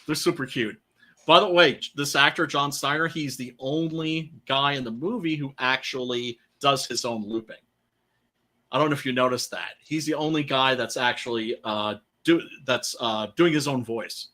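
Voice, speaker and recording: A man's voice: medium pitch, normal speed, pushed and bright. A man hosting a casual film podcast, rambling loosely with lots of fillers and swearing. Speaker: podcast host.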